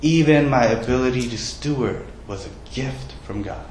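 A man's voice: mid-range voice, normal speed, darkish tone, echoey room, slight background noise, rough recording. A man preaching a sermon as pastor, in a conversational way, often putting questions to the congregation and poking fun at himself. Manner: conversational, self-deprecating, asks the congregation questions.

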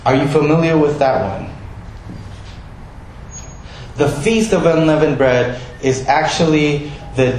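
Man preaching, slow and unhurried, roomy echo, faint hum behind. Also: mid-range voice, darkish tone. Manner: conversational, asks listeners questions. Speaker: pastor. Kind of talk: sermon.

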